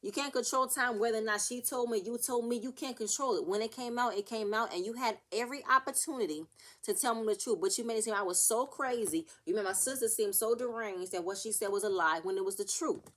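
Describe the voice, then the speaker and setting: A young woman casually recapping a reality TV episode, ranting and acting out the cast's arguments in an animated way. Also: fairly high pitch, a little fast. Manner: animated, rants and acts out the cast's quotes.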